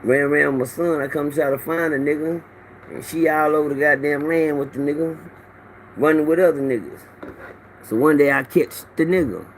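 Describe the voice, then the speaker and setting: Holding his phone for a casual livestream, a middle-aged man says hi to viewers by name and drifts through foul-mouthed stories. His voice is on the high side and moderately paced, with a little hiss or hum in the recording.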